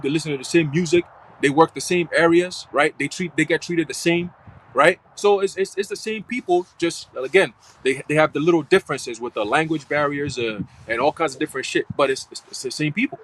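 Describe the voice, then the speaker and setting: A man's voice: a little high, a little fast, a bit bright, slight background noise, low-quality recording. A man giving a live church teaching in casual, slangy, profane talk full of fillers. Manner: slangy and profane, heavy fillers like "you know what I'm saying". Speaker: church speaker.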